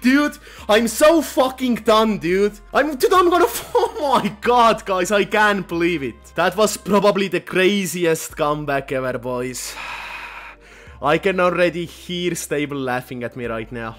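Young man commentating his gameplay, swearing. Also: fairly high pitch. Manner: swings from muttering to shouting, swears a lot. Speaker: gaming YouTuber.

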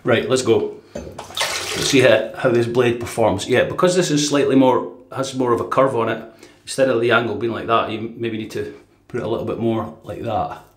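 A man hosting a casual shaving video, chatting in a relaxed way and often saying "right". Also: medium pitch, moderate pace. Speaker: shaving vlogger. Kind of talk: casual shave demonstration. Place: home bathroom. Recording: echoey bathroom with faint water noise.

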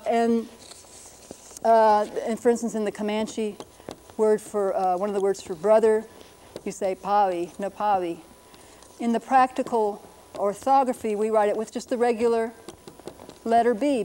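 A woman's voice: medium pitch, warm tone, a little hiss or hum. A middle-aged woman linguist giving a patient, lightly humorous lecture on writing systems. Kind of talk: classroom-style lecture.

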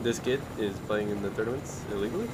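A young man streaming live gameplay, excitable and trash-talking as he taunts his opponents. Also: fairly low pitch, quick pace, background noise.

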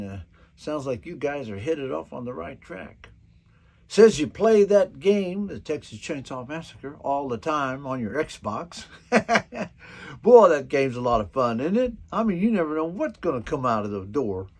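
A man's voice: on the high side, very animated, slightly rough. A man in his seventies telling a folksy anecdote in a personal video message, chuckling often as he goes. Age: 70s. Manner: chuckles often, drawn-out storytelling.

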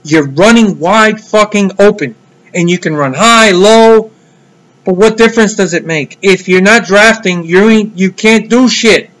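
A man's voice: high-pitched, a little slow, a bit bright, rough recording. A man giving a heated, blunt solo rant about motor racing, swearing freely. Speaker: motorsport commentator vlogger.

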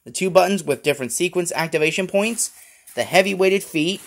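A man's voice: fairly high pitch, lively intonation, brisk, fairly bright tone. Chatty man reviewing a toy. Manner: rambling, chatty, with fillers. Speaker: toy collector YouTuber.

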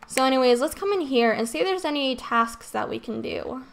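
A woman casually commentating her own let's play, relaxed and chatty over faint game music. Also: high-pitched, brisk, creaky, hardly any pauses. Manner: relaxed, chatty, hesitant with fillers.

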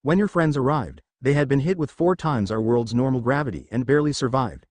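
A man's voice: mid-range voice, lively intonation, a little fast, a little mellow, dry recording, close to an everyday voice. A man playing a stern otherworldly guardian. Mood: warning.

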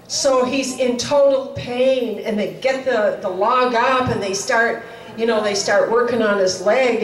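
A woman telling a story at a chapel service, acting out the dialogue in a casual, conversational way. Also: a little high. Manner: retells a story with quoted dialogue, conversational fillers. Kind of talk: sermon storytelling. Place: chapel hall. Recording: echoey hall, voice from far off.

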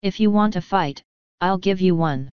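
A woman's voice: fairly low pitch, normal speed, smooth, no echo, natural voice. A woman doing a haughty pony sorceress. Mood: imperious. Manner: haughty, formal speech. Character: proud imperious female pony sorceress, commanding. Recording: slightly dull, dry recording.

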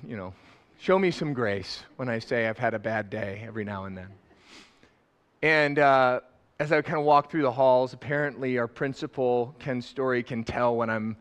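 A middle-aged man preaching a sermon, lively and laughing, rising loud and dropping soft. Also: medium pitch. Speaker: pastor. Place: church sanctuary.

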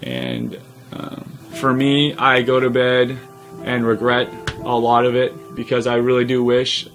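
A young man in a personal vlog to his followers, earnest and choked up, pausing often with "um". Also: mid-range voice, a bit bright, soft background music. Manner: earnest, emotional, many pauses and "um"s. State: choked up, near tears. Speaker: social media creator. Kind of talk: personal vlog talking to camera.

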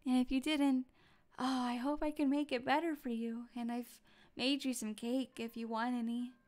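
A woman putting on a sweet, doting motherly voice, soft and gentle. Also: high voice, level tone, moderate pace, lightly acted.

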